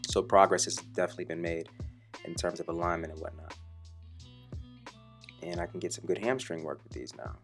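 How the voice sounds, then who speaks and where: A man's voice: deep voice, fairly quick, vocal fry, long pauses, soft background music. A young man talking casually and profanely over footage of his own workout, joking about himself in the third person. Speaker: fitness vlogger.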